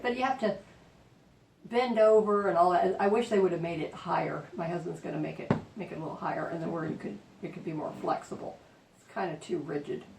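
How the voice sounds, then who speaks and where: A woman vlogging a quilting tutorial at home, rambling and excitable with lots of fillers. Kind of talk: casual chatty craft tutorial. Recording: roomy, distant mic, faint rumble.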